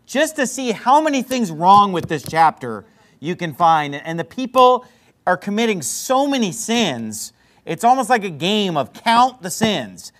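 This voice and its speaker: A man delivers a sermon in a high voice. He is blunt and plain-spoken, stops and restarts often, and acts out both sides of the conversations he recounts. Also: a bit bright. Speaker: pastor.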